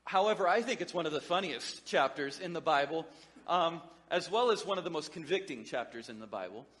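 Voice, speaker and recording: High-ish voiced pastor guy, chatty jokey sermon, lots of echo in the hall. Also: lively intonation, a little fast, fairly bright tone. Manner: conversational and joking, with many restarts.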